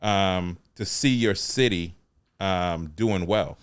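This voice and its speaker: Smooth low-voiced New Yorker. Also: male voice. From New York. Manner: measured, thoughtful, lists things out. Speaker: podcast guest. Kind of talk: casual chat.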